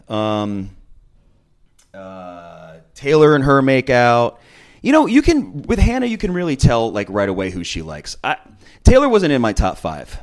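A man's voice: on the low side, big pitch swings, a little slow. A man talking casually, recapping a reality dating show with chatty, opinionated asides and frequent ums. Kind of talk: casual chat.

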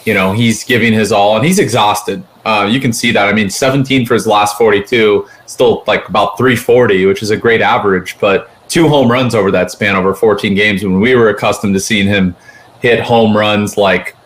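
A man's voice: fairly low pitch, a bit bright. A man co-hosting a sports podcast, chatting casually and rambling with lots of fillers. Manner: rambling, quick, many fillers like "like". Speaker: podcast co-host.

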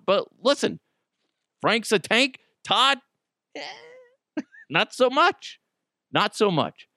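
A man's voice: no echo, studio quality. A man hosting a podcast, telling a story in a casual monologue, acting out the people he quotes and swearing freely. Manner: animated, acts out quotes with big pitch jumps, swears freely. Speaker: podcast host.

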